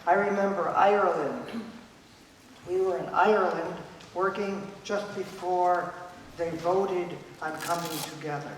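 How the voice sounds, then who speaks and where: High-voiced man lecturing in an echoey hall. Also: steady tone, a little slow, slight background noise. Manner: emphatic, repeats key points, acts out quoted voices. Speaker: conference speaker. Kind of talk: lecture at a conference. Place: conference hall. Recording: echoey hall, voice picked up from a distance.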